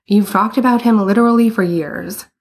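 A woman's voice: medium pitch, moderate pace, breathy edge, voice pushed up. A woman voicing a blunt, reasonable young man in a story, speaking in a matter-of-fact, probing way. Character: blunt, reasonable older brother Edward.

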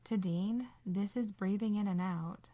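Calm woman reading a story aloud. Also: medium pitch, measured pace. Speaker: narrator. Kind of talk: audiobook reading of fan fiction.

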